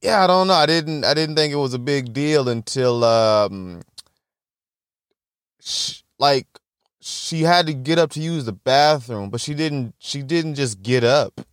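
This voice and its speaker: A man's voice: mid-range voice, lively intonation, a little slow, clear, resonant tone, dry recording, clean studio sound. Profane, rambling young man on a podcast. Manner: loose and profane, laughs often, rambling asides. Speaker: podcast host. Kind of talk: casual solo podcast storytelling.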